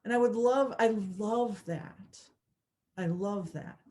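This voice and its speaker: A woman's voice: medium pitch, slow pace, a little mellow. A woman co-hosting a spirituality talk show, chatting casually, earnest and reflective, with many fillers and restarts. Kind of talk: casual chat.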